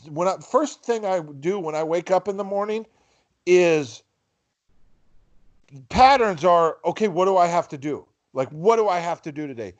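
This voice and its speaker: A man with a fairly high voice in casual late-night chat, tripping over and repeating his words before he finds his point. His call comes through dull and lo-fi. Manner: halting, repeats words often. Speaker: podcast co-host. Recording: dull lo-fi sound.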